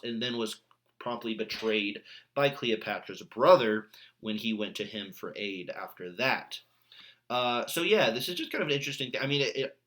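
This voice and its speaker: A man's voice: medium pitch, a bit bright. A man recording a video lesson for his English class, talking in a casual, chatty way with mild sarcasm. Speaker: English teacher.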